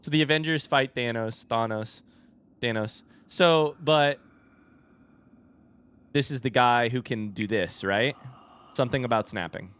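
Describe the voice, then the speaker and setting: A man streaming a video game, commentating live with excitable yelps and repeated chants, with game music under him. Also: mid-range voice, a little slow, long pauses, clean tone. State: out of breath.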